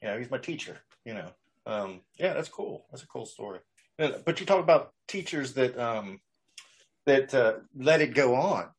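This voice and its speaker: A man's voice: mid-range voice, lively intonation, normal speed, gravelly. A man in a casual chat, talking bluntly and with profanity about being picked on at school. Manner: blunt and profane, laughs along.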